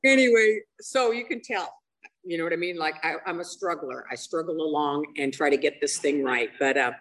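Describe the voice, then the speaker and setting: An older woman with a lowish voice shares her story at a recovery meeting in a rambling, candid, self-mocking way. Her talk is full of fillers and side remarks. The mic picks her up from a distance. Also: fairly quick, fairly bright tone. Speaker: speaker sharing at a recovery meeting. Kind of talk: candid personal testimony. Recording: voice picked up from a distance.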